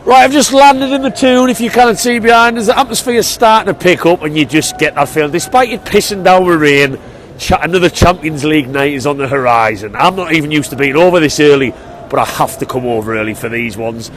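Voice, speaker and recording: A man, vlogging in an excited, chatty way as he heads to a football match through city streets. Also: on the high side, brisk, a little hiss or hum. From England. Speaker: vlog host. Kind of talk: matchday vlog.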